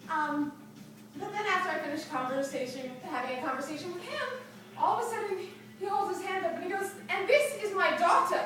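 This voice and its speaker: High, lively woman in an echoey room. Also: brisk, slight background noise. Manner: laughs often through her own story. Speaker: storyteller. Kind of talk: personal anecdote told to an audience. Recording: very echoey room, voice from far off the mic.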